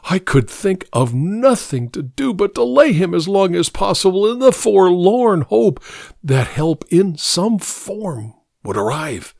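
A male storyteller reads a suspense tale slowly and deliberately, his pitch rising and falling with lively expression. The voice sits at a middle pitch. The recording is dry and close, with no room echo. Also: creaky. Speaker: narrator. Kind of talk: dramatic first-person story reading.

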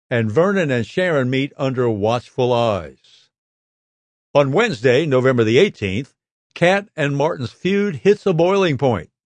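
A man reads entertainment news straight from a script in a middle-pitched voice. His delivery is steady, lifting slightly when he quotes a line. The recording is dry and close, with no room around it. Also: no echo. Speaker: soap news reader.

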